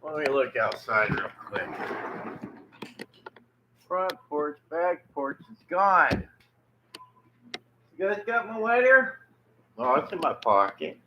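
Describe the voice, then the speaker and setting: With a fairly high pitch, this very animated vlogger takes his time and pauses often, rambling in a folksy Southern drawl and baby-talking his dogs live from his kitchen and porch. The highs are cut off, and the echoey room has faint background noise.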